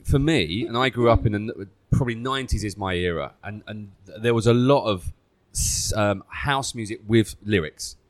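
A man's voice: lowish voice, normal speed, hardly any pauses, no echo. Joking man hosting a chat. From Essex, England. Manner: chatty, joking, leads the questions. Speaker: podcast host. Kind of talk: casual chat.

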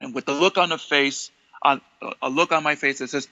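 A man, an interview guest telling animated stories and acting out the dialogue. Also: fairly high pitch, fairly quick, no echo, lo-fi sound. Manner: animated, acts out quoted dialogue, many restarts. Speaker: interview guest, longtime fan. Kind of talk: conversational storytelling.

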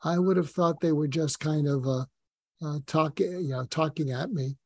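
Man, middle-aged, podcast guest, rambling, earnest, gravelly, dry. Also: fairly high pitch, moderate pace, a little mellow, dry recording. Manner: earnest, rambling, many fillers and restarts. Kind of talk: casual personal storytelling.

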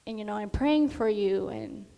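A woman's voice: medium pitch, normal speed, vocal fry, mellow. A young woman sharing a personal faith testimony in a chatty way, full of fillers and acted-out quotes. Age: young adult. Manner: chatty, many fillers, sings and acts out quotes. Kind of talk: casual testimony talk. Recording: long hall reverb.

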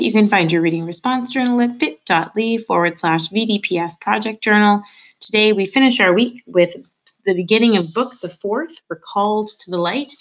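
A woman teacher reading a children's book aloud to her class, warm and expressive in her storytelling. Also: medium pitch, slight background noise, low-quality recording.

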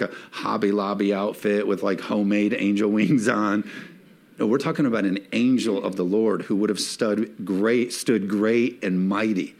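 A man's voice: fairly low pitch, a little mellow. A man preaching a sermon in a church, reading scripture and rising to emphatic peaks as he calls on the congregation to respond. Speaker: pastor.

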